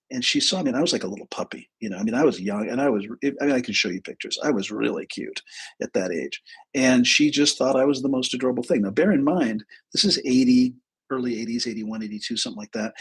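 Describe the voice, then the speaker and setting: A man's voice: medium pitch, a bit bright, slightly rough, rough recording. A man in his sixties hosting a live stream, telling a personal story in a candid, rambling way with restarts and the odd swear word. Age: 60s. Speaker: host.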